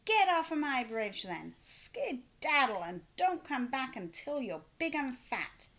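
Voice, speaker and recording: A woman voicing a greedy, dim-witted troll who growls and shouts slowly. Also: fairly low pitch, lively intonation, exaggerated voice. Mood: gruff. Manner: loud, slow and growling.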